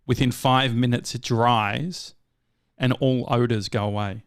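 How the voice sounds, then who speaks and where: A man's voice: medium pitch, steady tone, a little slow, smooth, no room sound, clean studio sound. Rambling Australian man on a podcast. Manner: rambling, self-correcting storyteller. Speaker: podcast co-host. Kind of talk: casual chat.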